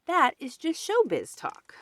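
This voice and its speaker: A woman's voice: mid-range voice, sing-song, unhurried, slightly rough, no echo. A woman voicing an eager, slightly bossy male mole who is a know-it-all friend in a picture book.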